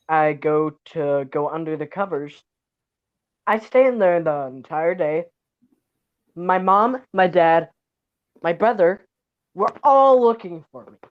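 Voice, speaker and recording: A teenage girl in casual chat, telling a story in a halting way, trailing off and restarting words. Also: sits low, lo-fi sound.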